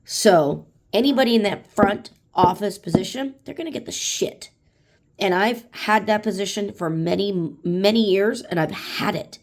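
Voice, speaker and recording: A woman's voice: medium pitch, moderate pace, few pauses. A woman in her late forties venting bluntly in a casual monologue, swearing freely and acting out angry customers. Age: 40s. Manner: blunt and profane, acts out customers in raised voice. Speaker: vlogger.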